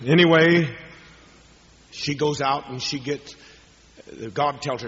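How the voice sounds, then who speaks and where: A man preaching a sermon to a hall audience, telling stories dramatically and moving from hushed tones to raised ones. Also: fairly high pitch, a little slow. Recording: dull lo-fi recording with long hall reverb.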